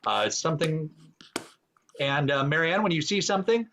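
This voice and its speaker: A man's voice: fairly high pitch, big pitch swings, normal speed, creaky, fairly bright tone. A man hosting an online improv game show over a video call, teasing and hesitant with many ums.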